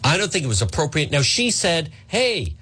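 A man's voice: a little high, big pitch swings, fast, pushed and bright, slight background noise. A middle-aged man hosting a talk radio show, delivering a combative, sarcastic monologue. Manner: combative, sarcastic, mocking put-on voices.

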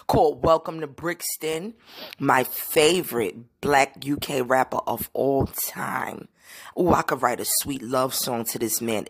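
A woman in her thirties hosting a podcast in candid, enthusiastic casual chat. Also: sits low. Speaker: podcast host.

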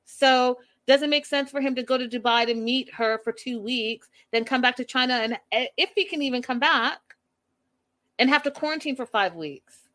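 A woman's voice: sits high, normal speed, fairly bright tone. Blunt woman recapping a reality show. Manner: blunt, exasperated, talks straight to the cast. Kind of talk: casual commentary.

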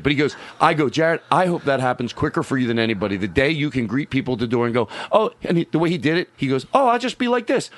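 A middle-aged comedian chatting casually and acting out quotes in an animated way, as host. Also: male voice, no echo. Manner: animated storyteller, acts out quotes with big pitch jumps. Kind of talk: casual conversation about comedy clubs.

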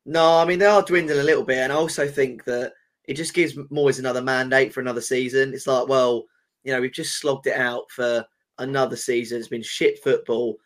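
English bloke on a footy podcast, talks fast, fed up and swearing. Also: male voice, mid-range voice, steady tone. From England. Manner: fast, frustrated fan rant with swearing. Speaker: podcast co-host. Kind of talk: casual football chat.

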